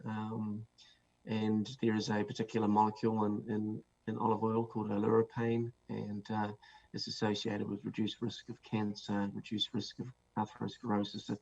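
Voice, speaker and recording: A man's voice: fairly low pitch, completely flat delivery, moderate pace, creaky, a little mellow. A man with a New Zealand accent, a guest author explaining his ideas with many fillers and restarts. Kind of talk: interview answers. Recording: dull lo-fi sound with faint noise.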